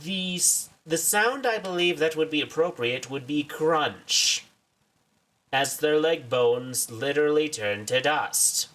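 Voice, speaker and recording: A man's voice: on the high side, expressive, takes it slowly, a bit bright, far from the mic. A man giving casual, wry commentary while streaming a game, full of self-mocking asides.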